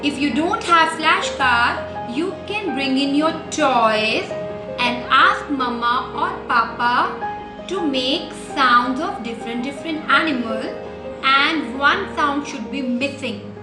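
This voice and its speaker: A woman's voice: high-pitched, slow pace, music in the background. A woman teaching a nursery class, talking patiently and coaxingly in a sing-song way to small children. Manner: patient, coaxing, repeats simple instructions. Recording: echoey room.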